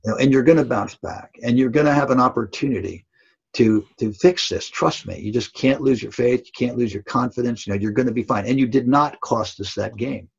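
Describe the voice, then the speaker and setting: Older male coach, gravelly and husky, earnest storyteller, lo-fi audio. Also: medium pitch, brisk. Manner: earnest, emphatic, tag questions like "right?". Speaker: basketball coach. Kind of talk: storytelling in a podcast interview. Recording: dull lo-fi audio.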